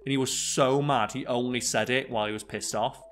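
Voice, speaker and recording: A man's voice: mid-range voice, steady tone, fairly quick, fairly bright tone, a little hiss or hum. A young man, co-host of a casual podcast, who rambles with many fillers and restarts. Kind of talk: casual chat.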